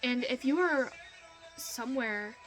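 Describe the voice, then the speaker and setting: A woman's voice: fairly high pitch, a little slow, a bit bright, rough recording. Earnest young woman vlogging, music behind. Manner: earnest, chatty, repeats points for emphasis. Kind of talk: casual motivational talk to camera.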